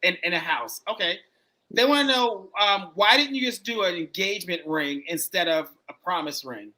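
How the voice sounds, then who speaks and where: Male dating-show host, high bright voice, chatty, echoes answers back. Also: expressive. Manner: chatty, quick reactions, repeats answers back. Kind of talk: live-streamed dating interview.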